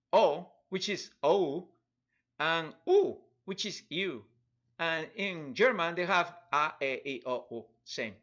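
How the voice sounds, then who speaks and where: Bright-voiced man with a Spanish accent. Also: a little high. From Spanish-speaking country. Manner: rambling, chuckling, many restarts and fillers. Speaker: digital artist streaming a drawing tutorial. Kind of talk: casual live-stream chat while drawing. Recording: dull lo-fi live-stream audio.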